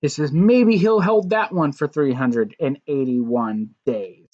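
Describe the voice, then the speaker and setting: A man casually recapping a wrestling show, animated, acting out quotes and laughing along. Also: on the high side, slow pace, hardly any pauses, dull audio.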